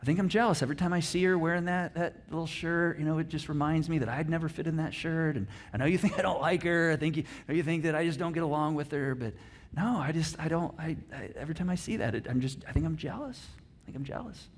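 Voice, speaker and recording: A man's voice: on the high side, quick pace. A middle-aged man preaching a conversational sermon, acting out example thoughts. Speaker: pastor.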